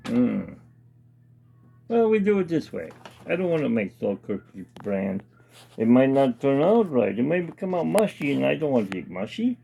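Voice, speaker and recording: A man's voice: mid-range voice, sing-song, normal speed, gravelly, dark tone. A man hosting his own casual cooking demonstration in a home kitchen, chatting and reading package steps aloud with comments. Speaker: home cooking show host.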